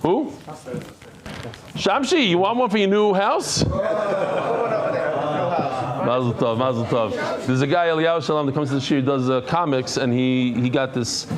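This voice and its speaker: A middle-aged man from the United States leading a Talmud class before a live audience, chatting, joking and quickly reading out names. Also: mid-range voice, animated, a loud crowd. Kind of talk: casual class talk. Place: study hall with a live audience.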